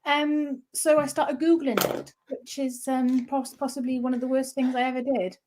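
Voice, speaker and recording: A woman in her thirties, an interview guest candidly telling a personal story, halting with frequent restarts. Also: high-pitched, level tone, a little mellow, a little hiss or hum.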